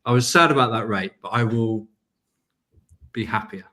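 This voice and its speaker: Measured, low-voiced man. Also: bright, forceful tone. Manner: measured, advisory. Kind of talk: casual chat.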